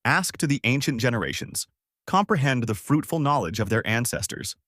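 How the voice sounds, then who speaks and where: A man reading the part of a stern friend who rebukes another, in a solemn, measured way. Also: mid-range voice, big pitch swings, fairly bright tone, no room sound, studio quality. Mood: rebuking.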